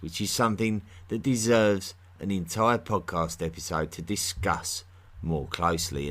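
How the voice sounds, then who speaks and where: A man's voice: lowish voice, fairly bright tone. A man from near London with a London accent, hosting a podcast and chatting casually through listener mail with plenty of fillers and restarts. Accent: London English. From England, near London. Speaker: podcast host.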